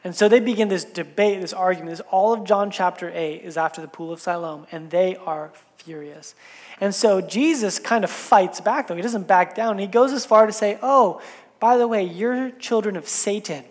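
A woman's voice: mid-range voice, normal speed, darkish tone. A woman pastor preaching a sermon in a church sanctuary, her voice ringing out with a long hall reverb. She tells the story conversationally, slipping in casual, chatty asides as she goes.

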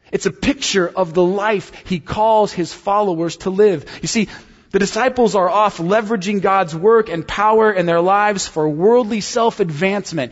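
A man's voice: high-pitched, moderate pace. A man preaching a sermon as pastor, telling stories conversationally and repeating key lines for emphasis. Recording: dull sound with long hall reverb.

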